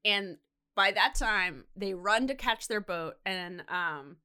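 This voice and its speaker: A young woman co-hosting a podcast, casually retelling a story in a chatty, animated way, full of fillers and swearing. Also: medium pitch, takes it slowly, smooth. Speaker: podcast co-host.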